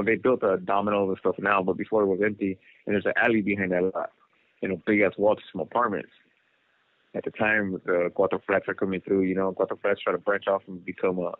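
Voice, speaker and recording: A man's voice: lowish voice, dry recording. A man from Los Angeles, serving a prison sentence, telling his life story in a casual, rambling way over a phone call, with lots of fillers like "you know" and "like". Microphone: telephone. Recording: tinny prison phone line.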